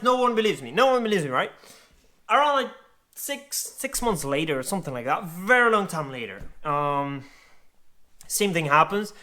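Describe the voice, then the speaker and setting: A man from Grenada telling a funny real-life story in a casual, animated way, swearing and laughing as he goes. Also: sits high. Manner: animated, swears freely, laughs along, acts out voices. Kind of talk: casual anecdote told to camera.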